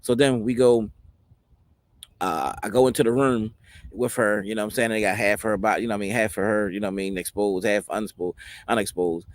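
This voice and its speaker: A man's voice: on the low side, fairly even intonation, a little fast. A man in his forties telling a personal story in a rambling way, filling it with many "you know what I mean" asides. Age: 40s. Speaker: host.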